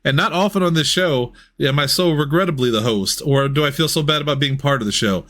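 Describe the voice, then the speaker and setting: A man's voice: fairly high pitch, fairly quick, a bit bright. A man hosting a casual movie podcast, joking and laughing as he talks. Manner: jokey, laughs often. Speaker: podcast host. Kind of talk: casual chat.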